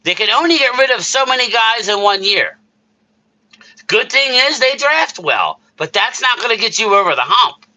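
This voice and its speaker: A man hosts a casual live stream, ranting about sports in a heated, worked-up way and calling out replies to chat. His voice sits high and sounds strikingly bright and forceful. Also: big pitch swings, normal speed. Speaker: streamer host reading chat.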